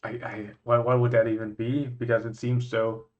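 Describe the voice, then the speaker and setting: A man from Scandinavia chatting casually as he reacts to places, musing and thinking out loud. His voice sits at a middle pitch for a man, and the recording sounds slightly dull and lo-fi. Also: level tone, normal speed. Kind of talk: casual chat.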